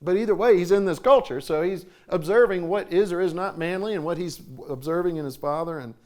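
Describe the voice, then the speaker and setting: A man's voice: brisk, a little mellow. A man in his forties giving a folksy conference talk, acting out quoted voices. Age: 40s. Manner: folksy, acts out quoted voices with jumps in pitch. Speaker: conference speaker.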